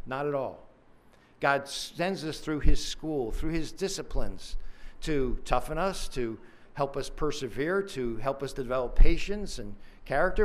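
A man preaching a sermon series, earnest and measured, pausing often with fillers as he explains scripture. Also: fairly high pitch.

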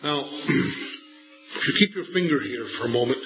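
A middle-aged man preaching a sermon, telling a family story with animated delivery and slowing down to stretch out the scripture lines. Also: mid-range voice, music in the background. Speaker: pastor. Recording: echoey, slightly dull church recording.

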